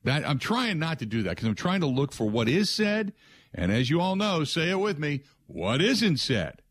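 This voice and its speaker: A man hosts a sports talk radio show from a studio, speaking animatedly and rhetorically while mocking the answers he expects to hear. His voice is on the high side and his pace moderate.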